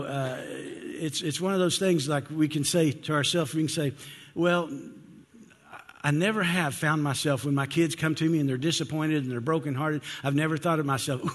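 The voice of an older man preaching a lively sermon. It sits fairly high for a man and is carried by a long hall reverb. He switches into the voices of the people he quotes and calls on the room to respond. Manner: animated, acts out quoted voices, asks for responses. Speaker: pastor. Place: church sanctuary.

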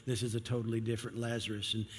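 A man's voice: medium pitch, little pitch movement, racing, husky. A male pastor preaching a sermon in an earnest, conversational way. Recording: long hall reverb.

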